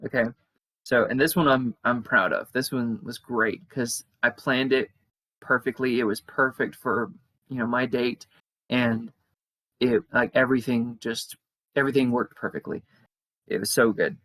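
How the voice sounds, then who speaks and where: A man's voice: medium pitch, steady tone, normal speed, a bit bright, rough recording. A young man telling a long casual story, with many fillers and restarts. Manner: chatty, rambling with many fillers and restarts, acts out quoted voices. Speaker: podcast co-host.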